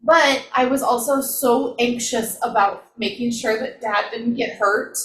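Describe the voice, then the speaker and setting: A woman's voice: a little high, measured pace, echoey room. A woman co-hosting a casual book review, gushing and laughing a lot as she talks. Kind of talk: casual chat.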